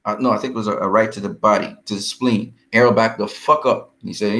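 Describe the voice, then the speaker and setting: A man's voice: mid-range voice, moderate pace, a bit bright. A man vlogging about boxing in a heated, profane, confrontational rant. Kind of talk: ranting fight commentary.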